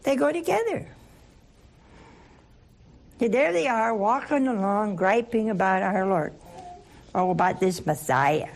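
A woman leading a Catholic Bible study, teaching in an animated, playful way and asking her listeners questions. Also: mid-range voice, unhurried, pauses often. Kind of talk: lively scripture teaching to a group.

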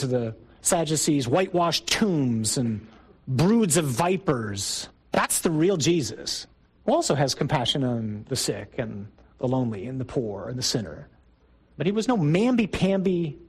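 Husky priest guy giving a sermon to men, chatty but punchy, voice a bit on the high side. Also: sing-song, moderate pace, rough recording. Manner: conversational and emphatic, with rising bursts. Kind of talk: sermon talk to a men's group.

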